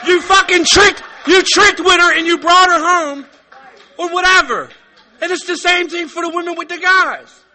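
A man speaking at a recovery meeting, giving a blunt, profane, fervent testimony that bursts into shouting. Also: very high voice, normal speed, some chatter behind, a little hiss or hum. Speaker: recovering addict sharing at a meeting.

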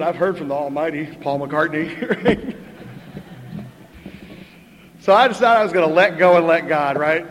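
A man's voice: a little high, slight background noise. Wry storytelling man, echoey hall. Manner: chatty, wry, punctuates with "right?" and laughs. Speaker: recovery meeting speaker. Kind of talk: storytelling share at a twelve-step meeting. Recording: echoey hall with faint ambience.

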